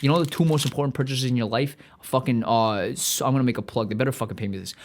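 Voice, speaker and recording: A man hosting a podcast in a profane, rambling monologue, excitable and stuffy-nosed, often trailing off and restarting. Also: mid-range voice, fast talker, background noise. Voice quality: stuffy nose. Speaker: podcast host.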